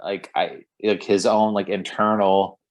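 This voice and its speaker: A man with a lowish voice co-hosts a relaxed movie podcast. He rambles through scene retellings, leaning on filler words as he goes. His tone is easygoing and conversational. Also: a little slow. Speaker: podcast co-host. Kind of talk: casual film chat.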